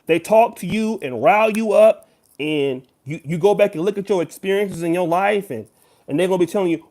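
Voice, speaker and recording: A man's voice: high-pitched, brisk, a little mellow. A man giving emphatic direct-to-camera commentary as a YouTuber, lecturing the viewer. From United States.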